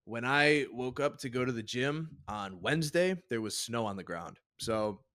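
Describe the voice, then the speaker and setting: A man's voice: medium pitch, animated, normal speed, fairly bright tone. A man hosting a podcast, chatting casually, telling rambling stories with wry swearing. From Chicago area. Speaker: podcast host. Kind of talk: casual chat.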